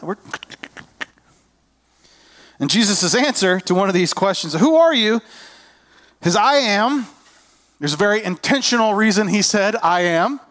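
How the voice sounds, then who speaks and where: A pastor preaching in a relaxed, conversational way. His voice sits a little high for a man, and he slips into other people's inner voices as he talks. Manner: conversational, self-deprecating, acts out inner voices. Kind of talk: sermon.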